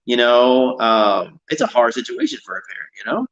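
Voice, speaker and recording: A man's voice: medium pitch, huge pitch swings, normal speed, creaky, fairly bright tone, highs cut off. A man talking in a casual chat, rambling and repeating himself.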